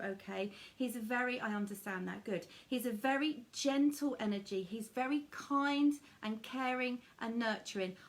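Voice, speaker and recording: Soothing woman medium, higher voice. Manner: soothing, intimate, many endearments. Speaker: medium giving readings. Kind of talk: live-streamed psychic reading.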